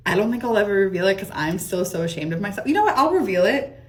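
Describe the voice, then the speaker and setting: A young woman delivers a storytime monologue fast and casually in a medium-pitched voice. She's animated, swearing and laughing often.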